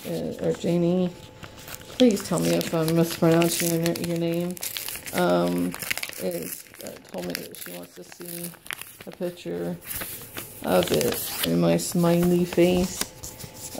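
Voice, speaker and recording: Slow gravelly woman, hesitant and anxious. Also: on the low side, background noise. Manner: hesitant, halting, many fillers and restarts. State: anxious and in pain, hand shaking. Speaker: vlogger. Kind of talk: casual unboxing vlog. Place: home, indoors.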